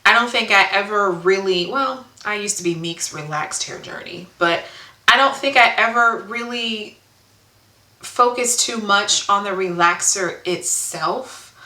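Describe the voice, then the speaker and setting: A woman's voice: mid-range voice, bright, forceful tone. Earnest woman telling a hair story. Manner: earnest, emotional, reads from notes, many ums. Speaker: hair vlogger. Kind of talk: casual storytime vlog. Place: indoor room at home. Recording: echoey room.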